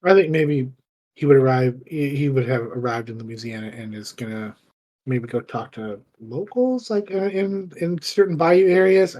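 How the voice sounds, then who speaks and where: A tabletop game player who talks hesitantly, breaking off with fillers. The voice is husky, at a middling pitch. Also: fairly even intonation, normal speed, darkish tone. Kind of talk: casual tabletop game play.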